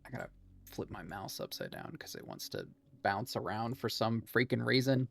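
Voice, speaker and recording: A man's voice: fairly low pitch, huge pitch swings, normal speed, gravelly, fairly bright tone, a little hiss or hum. A man streaming a video game, chatting casually as he plays, laughing often and swearing now and then. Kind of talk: casual gameplay commentary.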